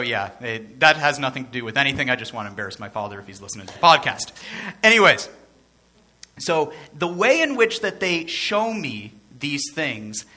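A man's voice: mid-range voice, bright, forceful tone. A man preaching a sermon as pastor, in a conversational way with joking asides and phrases repeated for emphasis.

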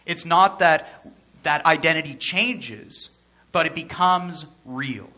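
A male pastor delivers a sermon in a bright, forceful voice that sits a little higher than most men's. He talks conversationally, drops in joking asides, and repeats phrases to drive his points home. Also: slow.

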